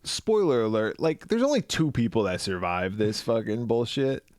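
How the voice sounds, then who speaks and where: A man co-hosting a podcast recaps a film in loose, profane chat, tossing in little voiced asides as he goes. His voice sits at an ordinary middle pitch. It is recorded dry and close, with no room sound. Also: no room sound. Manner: swearing, animated retelling with quick voiced asides. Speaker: podcast co-host. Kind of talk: casual movie recap chat.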